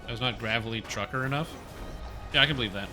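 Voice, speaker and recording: Male streamer, mid-pitched, casual and rambly, excitable with the odd curse, game music running underneath. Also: quick pace. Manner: rambling, excitable, swears, talks with teammates. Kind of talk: casual live-stream gaming chat.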